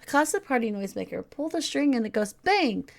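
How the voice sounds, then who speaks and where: A woman's voice: on the high side, very animated, a little fast, vocal fry. A woman casually commenting while she plays a video game, in an offhand, musing way. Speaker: let's play host. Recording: game music underneath. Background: video game music.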